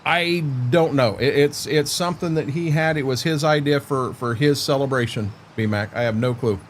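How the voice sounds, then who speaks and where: A man's voice: medium pitch, normal speed, a little hiss or hum. A man chatting casually on a livestream while playing a farming game, rambling in a folksy way to his viewers and his dog.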